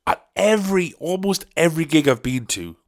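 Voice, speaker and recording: A man's voice: on the high side, expressive, a little fast. A man hosting his own podcast, rambling casually, swearing freely and wandering off on tangents. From North East England. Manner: loose, sweary and meandering. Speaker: podcast host.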